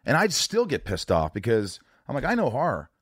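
A man's voice: medium pitch, wildly swooping pitch, a little fast, husky, no room sound, clean studio sound. A man hosting a casual conversation, emphatic and swearing freely as he talks.

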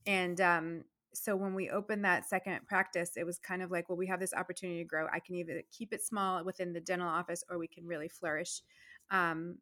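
A woman's voice: lowish voice, flat delivery, brisk, pushed and bright. A middle-aged woman, a dentist and entrepreneur, telling her story animatedly in an interview, drifting into tangents. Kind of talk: casual interview conversation.

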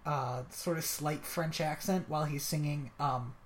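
A podcast host in casual conversation, chatty and quick, often cutting in with afterthoughts. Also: medium pitch, fairly even intonation, slight background noise.

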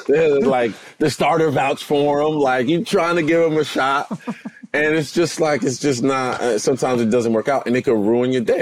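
A man talking in a casual podcast chat, telling stories in a slangy, animated way, recorded outdoors on a golf course. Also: medium pitch, slight background noise. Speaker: podcast guest, former NFL player.

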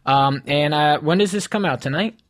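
A man's voice: on the high side, normal speed, a bit bright. A man who is a stand-up comedian, a podcast guest, talking in a crude, laid-back way. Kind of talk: casual podcast chat.

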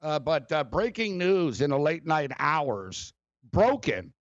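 Rambling, animated sports radio host man. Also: on the high side, slow pace, dry recording, highs cut off. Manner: rambling, animated, laughs often, many fillers. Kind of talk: casual sports talk.

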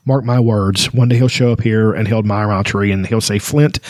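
A man reading aloud as a wise, gentle old man who is secretly a god, speaking softly and tenderly. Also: lowish voice, steady tone, normal speed, dry recording, close to an everyday voice.

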